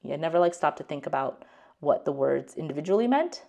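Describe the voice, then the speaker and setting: Woman, low voice, gravelly, casual lesson, chatty, lots of um and like. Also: expressive, a little fast, a little mellow. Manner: chatty, explains word by word, many fillers. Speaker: host.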